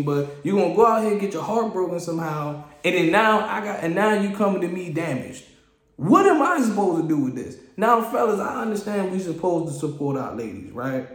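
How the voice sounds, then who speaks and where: A man with a high voice rants on a casual solo podcast in an animated, exasperated way. He stumbles, repeats himself and restarts his phrases. His voice echoes around a roomy space. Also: brisk. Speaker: podcast host.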